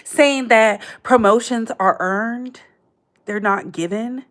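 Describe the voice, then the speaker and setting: A woman's voice: fairly high pitch, takes it slowly. Chatty woman hosting a livestream. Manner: chatty, animated, slangy, calls viewers "baby". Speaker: livestream host. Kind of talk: casual commentary livestream.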